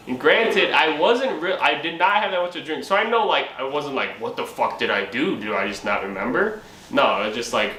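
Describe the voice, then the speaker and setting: A young man with a bright, forceful voice tells a comic story in a loose, profane way, acting out what he said back then. The room is echoey, with a faint hum of ambience behind him. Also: medium pitch. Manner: profane, laughing, acts out his own quotes. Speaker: channel host.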